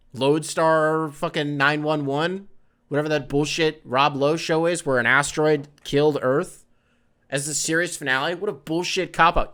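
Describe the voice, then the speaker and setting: A man hosting a solo sports podcast, ranting in an animated, exasperated way and swearing freely. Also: high voice. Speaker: podcast host.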